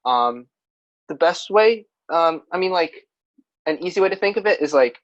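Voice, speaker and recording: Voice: medium pitch, animated, moderate pace. Rambling podcast co-host, lo-fi sound. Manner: rambling, restarts sentences, laughs at self. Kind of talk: casual chat about writing.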